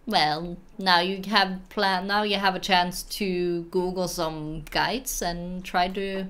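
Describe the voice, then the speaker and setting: A woman's voice: on the low side, level tone, slow pace, a bit bright, slight background noise. A young woman whose first language is Norwegian, hosting a casual live-stream chat, playful and giggly, with many fillers and restarts. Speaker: stream host.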